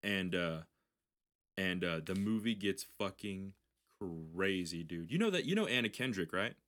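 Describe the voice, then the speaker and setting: A man's voice: deep voice, lively intonation, measured pace, a bit bright. A man hosting a podcast, telling a long story in casual chat, rambling and swearing, with frequent restarts. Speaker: podcast host.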